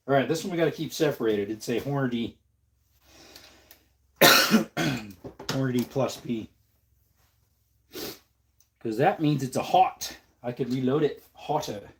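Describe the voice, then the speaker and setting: A man's voice: medium pitch, expressive, a little slow, long pauses, a bit bright. A young man with a stuffed-up nose, hosting a casual livestream and chatting easygoingly with viewers while he works. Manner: easygoing, reads chat aloud and answers. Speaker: livestream host.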